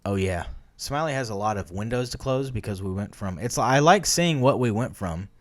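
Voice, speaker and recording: A man with a lowish voice co-hosts a casual podcast chat. He rambles from one thought to the next, swears freely and laughs often. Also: lively intonation, moderate pace. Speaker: podcast co-host.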